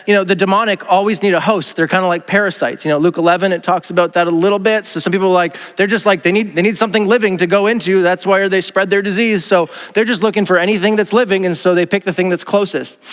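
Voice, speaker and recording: High-voiced, fast and a bit bright, a male pastor delivers a sermon full of jokes and casual talk. He frequently acts out quotes in a raised voice, and the large sanctuary lends a long hall reverb.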